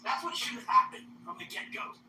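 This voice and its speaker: A woman's voice: a little fast, pushed and bright, echoey room, recorded from a distance, a little hiss or hum. A woman in a heated voice chat argument, exasperated, cursing and demanding action. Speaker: voice chat participant. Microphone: voice chat app.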